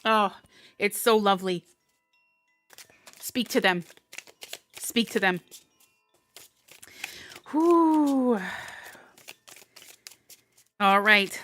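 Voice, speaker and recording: Slow, smooth-voiced woman reading tarot. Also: mid-range voice, bright, forceful tone. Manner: emotional, encouraging, laughs often. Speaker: tarot reader. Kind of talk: live intuitive tarot reading. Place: indoors, live stream.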